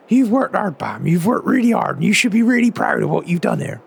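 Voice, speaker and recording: A man voicing an enthusiastic friend who is touring a farm and heaping praise on it, his voice a bit higher and more distant than his own. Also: sing-song, moderate pace, vocal fry, slightly rough, heavily acted. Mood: admiring. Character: cheerful, admiring adult male friend visiting a farm.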